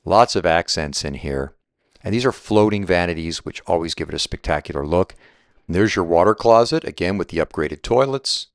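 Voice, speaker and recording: Walking through a house and out to the pool, this Southwest Florida real estate agent vlogs an enthusiastic, chatty home tour, remarking on every feature, poking fun at his own fumbles, and saying "right" again and again. He has a low-pitched voice with lively intonation at a normal pace. The sound is clean studio audio with no room sound.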